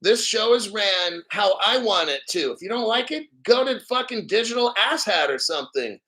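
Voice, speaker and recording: A man's voice: high-pitched, animated, moderate pace, pushed and bright. A middle-aged man hosting a crypto channel, ranting at viewers in a profane, mocking, combative way. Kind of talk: angry livestream rant.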